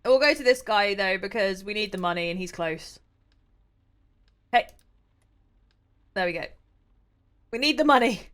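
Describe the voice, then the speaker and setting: Animated woman streaming a game. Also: mid-range voice, a little slow, pauses often. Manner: animated, mock-indignant. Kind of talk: let's play streaming, reading game text aloud.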